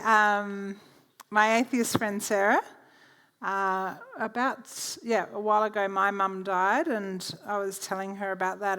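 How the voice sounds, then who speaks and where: A woman's voice: medium pitch, a bit bright, smooth. Chatty woman teaching a workshop. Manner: chatty storytelling, laughs easily. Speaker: workshop presenter. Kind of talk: teaching workshop talk with personal stories. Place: church.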